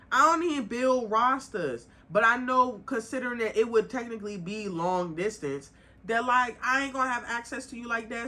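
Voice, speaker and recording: A young woman runs her podcast like a straight-talking rant, bright and sharp in tone and sitting a little high. She is blunt and swears freely, her heat rising before she pulls herself back to calm. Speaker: podcast host. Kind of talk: casual monologue.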